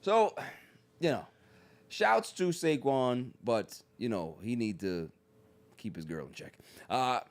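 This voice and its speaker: Animated man hosting a sports podcast. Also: medium pitch, slow. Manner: animated, slangy, mimics people mid-story. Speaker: podcast host. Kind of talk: casual sports chat.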